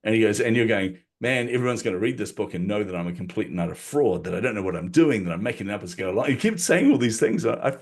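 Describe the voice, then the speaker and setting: Low husky-voiced man telling a story. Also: fast talker, few pauses. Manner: lively storyteller who laughs often. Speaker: podcast guest. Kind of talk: storytelling in a podcast interview.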